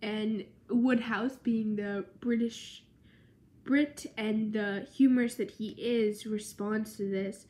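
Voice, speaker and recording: A woman's voice: medium pitch, steady tone, takes it slowly, warm tone. A tired young woman giving a casual history explainer as a student presenter, chatty and full of filler words.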